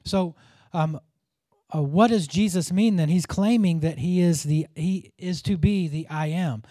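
A man with a fairly high voice teaches through a Bible passage in an earnest, informal way. He thinks aloud and restarts sentences as he goes. The sound is dry and close, with no room ring. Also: measured pace, dark tone, no echo.

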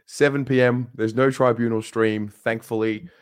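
A man co-hosting a football fan show, relaxed and calm as he steers it along and reads out announcements. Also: medium pitch, moderate pace, clear, resonant tone, no echo, studio quality. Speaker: co-host. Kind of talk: casual show chat and announcements.

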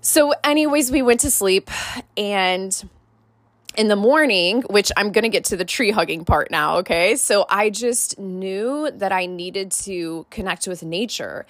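A woman's voice: medium pitch, measured pace, no echo. A woman podcast host and life coach, telling a personal story in a casual, candid way, full of "like" and "right?".

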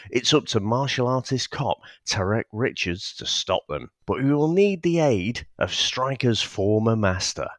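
A man in a casual podcast chat who sounds easygoing and often chuckles. His pitch moves around expressively, and he swears freely. The recording is close and dry. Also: fairly bright tone, no room sound. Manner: laid-back, sweary, chuckling. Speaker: podcast co-host. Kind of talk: casual film review chat.

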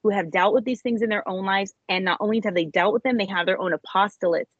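A woman telling an emotional personal testimony as an interview guest, animated, her voice jumping high when she acts out moments. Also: fast, slightly rough, dry recording, dull audio. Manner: animated storyteller, voice jumps high when reenacting.

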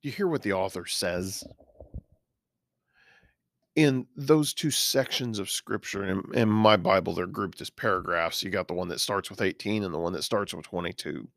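A man's voice: deep voice, creaky, a bit bright, no echo. Earnest pastor man, dry close sound. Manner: earnest, explanatory, pauses to search for words. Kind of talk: verse-by-verse Bible study.

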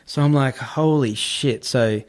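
Animated storytelling man, swearing freely. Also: medium pitch, measured pace. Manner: animated, swearing, acts out other people's lines. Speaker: guest telling a story. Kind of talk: casual storytelling.

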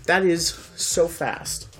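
Animated young man retelling a movie. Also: fairly high pitch, very slow, faint music behind. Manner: animated, swearing, acts out scenes. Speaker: podcast co-host. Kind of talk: casual chat.

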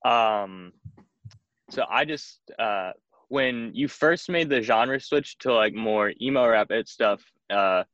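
Dull-sounding slow-drawling man. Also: medium pitch, fairly bright tone, dry recording. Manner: enthusiastic, rambling, slow drawl. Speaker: interviewer. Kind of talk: casual fan interview.

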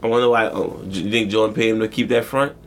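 A man's voice: fairly low pitch, steady tone, fast talker, a little hiss or hum. A man co-hosting a casual sports podcast, joking and cursing, slipping into mock voices. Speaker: podcast co-host.

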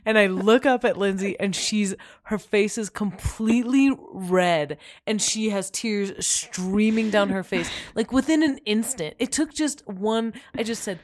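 Animated young woman podcast co-host, dry sound. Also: mid-range voice, a little slow, few pauses, no room sound. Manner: animated storyteller, laughs often. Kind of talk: casual chat.

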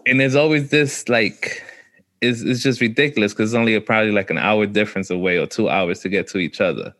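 A man's voice: lowish voice, big pitch swings, normal speed, a bit bright. A man with a New York accent, chatting casually and telling stories in laid-back street slang. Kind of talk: casual chat.

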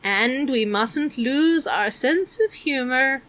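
A woman reading aloud, voicing a stern, mysterious old witch who speaks slowly and coldly. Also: high voice, lively intonation, fairly bright tone, pitched above the performer's own voice, exaggerated voice. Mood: solemn. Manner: slow, cold, deliberate.

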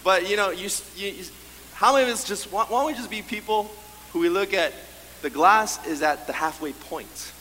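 A man preaching a sermon as pastor, animated, acting out the voices of his congregation. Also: high-pitched, normal speed, a little hiss or hum. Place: church sanctuary. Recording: long hall reverb, faint room ambience.

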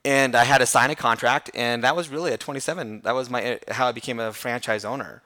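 A man in an interview, a hair school franchise owner telling his story with self-deprecating humor. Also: medium pitch. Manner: fast, animated storytelling with self-deprecating laughs.

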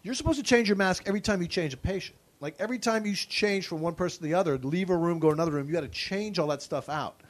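A man with a high voice, a guest on a podcast recorded in a hotel room. He makes his points with force and keeps cutting in to back up the host. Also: rapid-fire, few pauses. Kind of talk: casual chat.

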